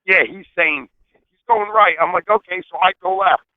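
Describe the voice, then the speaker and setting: A brash man spins a rowdy story, swearing freely and laughing at himself. His voice sits fairly high for a man. He comes through a tinny phone line. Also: moderate pace, dry recording. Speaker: phone-in guest telling a story. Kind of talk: animated storytelling.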